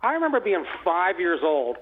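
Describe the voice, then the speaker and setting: A man in his sixties, a guest author, telling stories in a rambling, animated way full of restarts. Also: sits high, moderate pace. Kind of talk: casual conversational storytelling. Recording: phone-like narrow line.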